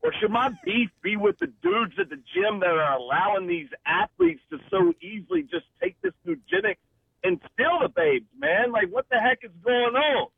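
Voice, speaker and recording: A man phones in to a sports talk show with a joking complaint. His high voice is gravelly and swings widely. The phone line sounds tinny. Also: normal speed, dry recording. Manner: joking, animated. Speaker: caller.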